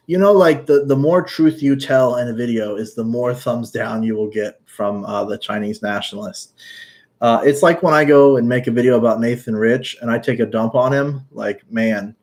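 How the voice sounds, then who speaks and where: A man's voice: medium pitch, moderate pace, darkish tone. A man from the United States, talking casually on a livestream and answering chat with blunt, outspoken remarks and casual swearing. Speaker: YouTuber answering live chat.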